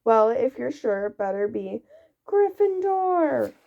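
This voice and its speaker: A woman's voice: mid-range voice, measured pace, gravelly. A woman voicing an old talking magic hat that muses slyly and draws out its words, on a dull lo-fi recording. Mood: musing.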